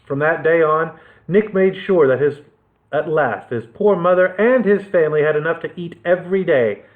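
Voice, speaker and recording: At a normal pace and in a slightly high voice, a man who works as a librarian gives a dramatic storytime reading of a children's adventure tale. The audio has a thin, phone-like quality.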